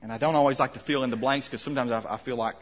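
A man preaching a conversational sermon, asking questions and letting his voice drop soft at the ends of lines. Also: mid-range voice, steady tone, rapid-fire. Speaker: pastor.

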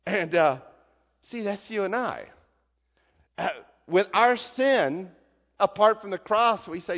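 Male preacher, high voice, emphatic sermon style, long reverb in a dull recording. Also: expressive, takes it slowly, long pauses. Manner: emphatic, swings from hushed to shouting.

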